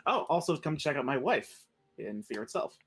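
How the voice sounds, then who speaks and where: A man's voice: on the high side, very animated, normal speed, a bit bright, slightly rough, faint music behind. A man who plays and runs a podcast, rambling casually and trailing off. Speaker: player and podcaster. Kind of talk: casual chat.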